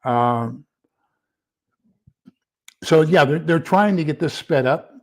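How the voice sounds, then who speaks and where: A man's voice: a little high, takes it slowly, a little mellow. A man hosting a casual live stream, rambling with many fillers as he reads a document aloud and fumbles with screen sharing. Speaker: livestream host.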